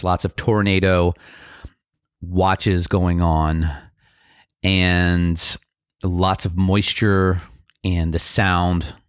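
A man hosting his own podcast, talking casually and reflectively with many fillers, a slight frog in his throat that he keeps clearing. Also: low voice, no echo, studio quality. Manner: rambling, reflective, loose with fillers. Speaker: podcast host. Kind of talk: casual solo podcast talk.

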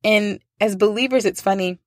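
A woman's voice: medium pitch, moderate pace, no echo, studio quality. A woman who works as a teacher, telling a story in a casual talk, acting out the voices of the people she quotes and laughing often. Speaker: teacher and faith speaker.

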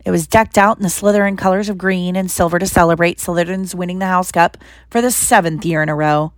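Woman narrator for a storybook reading, steady, dry close sound. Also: fairly low pitch, fast, dry recording. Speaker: reader. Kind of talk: reading a novel aloud.

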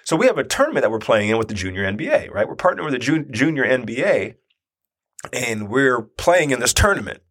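A man in his forties with a husky, slightly breathy voice, telling a personal story in a loose, conversational way. He keeps checking in with his listeners as he goes, and his delivery stays animated. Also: medium pitch, fast. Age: 40s. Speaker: speaker and youth basketball coach.

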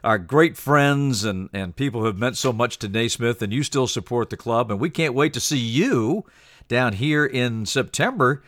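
A man's voice: medium pitch, expressive, normal speed, a bit bright, no echo, clean studio sound. A man hosting a podcast, interviewing a guest with polished broadcaster delivery.

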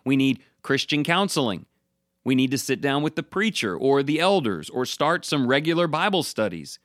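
A man preaching a sermon, emphatic and slowing down to stress key words. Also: mid-range voice, sing-song, fairly bright tone, no room sound, clean studio sound.

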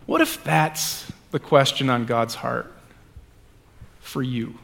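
A male pastor reading scripture aloud and then preaching a sermon, moving between hushed lines and loud ones, with casual asides. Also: mid-range voice, fairly even intonation, measured pace, vocal fry, long reverb tail. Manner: reads scripture with dramatic swings from hushed to loud; conversational asides with fillers.

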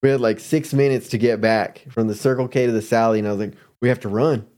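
A man's voice: medium pitch, steady tone, fast talker, darkish tone. A man telling a casual story as a podcast guest, laid-back and slangy, mimicking people he quotes. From Arizona.

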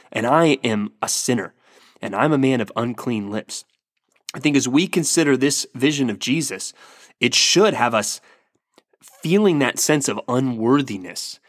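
A man's voice: mid-range voice, no room sound, studio quality. A man preaching a sermon, earnest and emphatic, often restarting his words as he builds to a point. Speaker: pastor.

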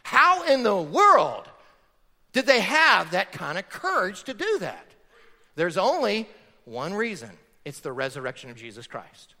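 Lively high-voiced pastor preaching in a hall. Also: male voice, measured pace. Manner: emphatic, rhetorical questions to the congregation. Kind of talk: sermon. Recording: long reverb of a large hall.

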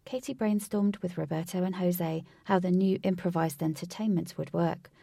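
Woman reading a story, gravelly. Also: on the low side, normal speed, no room sound, studio quality. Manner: expressive, voices each character. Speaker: narrator.

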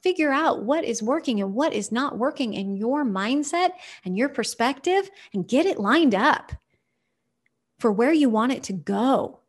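Chatty, animated woman podcast host. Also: a little high, unhurried. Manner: chatty and animated, with playful asides. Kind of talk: casual motivational talk.

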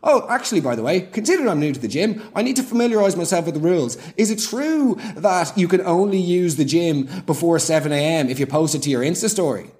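A man's voice: a little high, expressive, fast, few pauses, a little mellow. A man delivering a sarcastic comic monologue, full of ranting, exasperated asides. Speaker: comedian.

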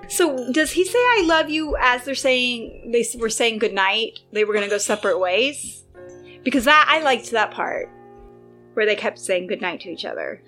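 A woman in casual chat, reacting expressively with quick exclamations. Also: a little high, lively intonation, sharp tone, soft background music.

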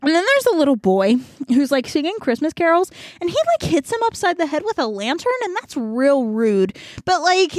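With a high voice, a young female podcast host chats casually, giggly and rambling as she retells a story packed with fillers. The sound is clean studio quality without echo.

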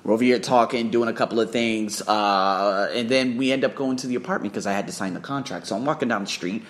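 A man telling a travel story in a casual vlog, profane and excitable, swearing freely as he talks. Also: lowish voice, fast. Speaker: vlogger and English teacher.

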